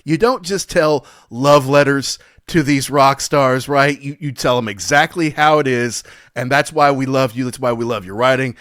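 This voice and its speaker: A man's voice: medium pitch, normal speed, fairly bright tone, dry recording, studio quality. A man hosting a podcast interview who asks joking, enthusiastic questions and praises his guest. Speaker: podcast host. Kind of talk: casual interview chat.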